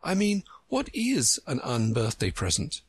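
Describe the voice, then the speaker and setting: A man reading a storybook aloud, voicing a polite, curious young girl with a raised, girlish pitch. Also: huge pitch swings, measured pace, slightly rough, full character voice.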